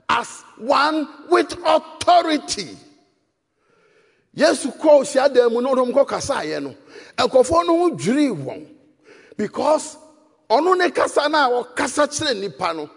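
A man with a Ghanaian accent preaching a sermon, shouting for emphasis and switching between English and Twi, in a hall with long reverb. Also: very high-pitched, gravelly, slightly rough.

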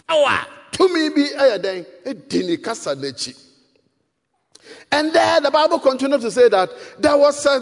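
A man with a Ghanaian accent preaches a sermon, shouting for emphasis and moving between English and Twi. His voice is extremely high-pitched with vocal fry, and the hall around him has a long reverb.

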